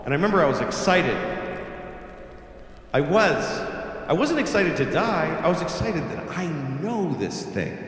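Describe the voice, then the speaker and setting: A man's voice: fairly high pitch, sing-song, a little slow, long pauses, fairly bright tone. A man in his late forties doing stand-up, telling a blunt, profane childhood story in a conversational way to a live room. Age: late 40s. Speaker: stand-up comedian. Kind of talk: stand-up comedy. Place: live comedy theater. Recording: echoey hall with faint ambience.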